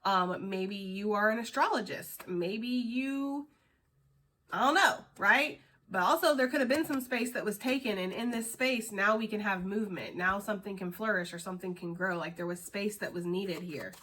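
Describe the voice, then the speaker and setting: A woman's voice: medium pitch, normal speed, sharp tone. A woman giving a casual tarot reading to her viewers, rambling and chatty with lots of fillers and casual swearing. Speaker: tarot reader.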